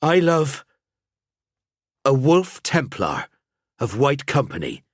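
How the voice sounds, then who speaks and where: A man's voice: medium pitch, very animated, moderate pace, husky, no echo, clean studio sound, voice pushed up. A male narrator voicing a young female tavern maid who speaks firmly and emphatically. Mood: brisk. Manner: firm and emphatic.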